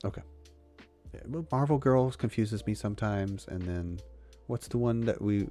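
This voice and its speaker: Relaxed male co-host, lower voice, easygoing banter, faint music. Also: moderate pace. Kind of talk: casual chat.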